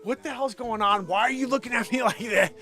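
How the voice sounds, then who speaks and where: A man's voice: extremely high pitch, brisk, bright, forceful tone, faint music behind. A man voicing a flustered woman athlete who was kicked in the shin, panicky and breathless. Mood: confused.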